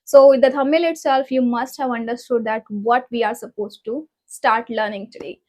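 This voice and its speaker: A young woman with an Indian accent teaching pronunciation in a casual vlog, repeating practice words slowly in a coaching tone. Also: on the high side, steady tone, darkish tone. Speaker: accent-learning vlogger.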